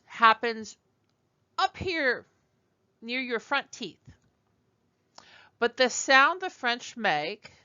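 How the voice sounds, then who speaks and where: Slow, bright-voiced woman teaching French. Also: fairly high pitch, smooth, no echo, highs cut off. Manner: slow, deliberate, repeats words for learners. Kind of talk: beginner language lesson.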